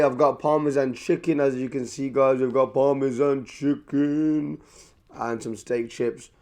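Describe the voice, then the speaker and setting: A young man talking casually to camera as he eats at a table. He is lively and chatty, repeats himself, and goes quieter once he starts eating. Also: mid-range voice. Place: indoors at a table.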